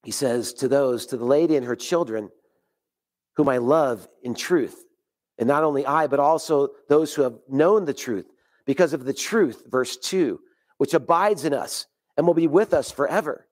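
A man preaching a sermon in church, earnest and steady, reading scripture aloud. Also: medium pitch, moderate pace. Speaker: pastor.

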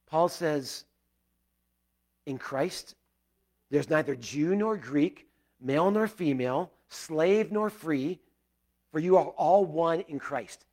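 Earnest man preaching, slightly high voice. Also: animated, slow, pauses often. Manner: earnest, conversational preaching with sudden loud bursts and soft prayerful drops. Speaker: pastor. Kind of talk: sermon.

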